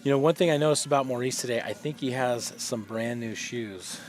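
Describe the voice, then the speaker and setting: A man's voice: medium pitch, fairly quick. A man giving live long-drive golf commentary, chatty and explanatory, often using fillers.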